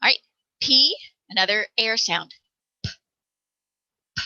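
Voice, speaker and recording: A woman's voice: on the high side, lively intonation, slow pace, long pauses, bright, forceful tone, no room sound, muffled recording. An American woman teaching parents letter sounds, patiently demonstrating each one aloud. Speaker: reading teacher.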